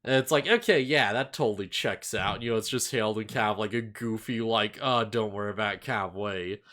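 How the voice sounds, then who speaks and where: A man's voice: lowish voice, fairly quick, a bit bright. Guy rambling about an anime ep, lots of "like" and "yo", upbeat, casual chat. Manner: rambling, filler-heavy, upbeat. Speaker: podcast co-host. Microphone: face cam with desk mic.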